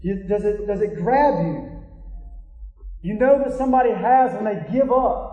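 A man's voice: sits high, moderate pace, highs cut off. A man preaching a sermon, earnest and confronting, who keeps pressing his listeners with rhetorical questions. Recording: echoey hall.

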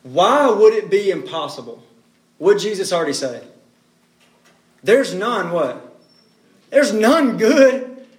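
A man's voice: high-pitched, big pitch swings, takes it slowly, long pauses. A man preaching a sermon, pressing his points with rhetorical questions and repeating key words. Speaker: pastor. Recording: roomy echo.

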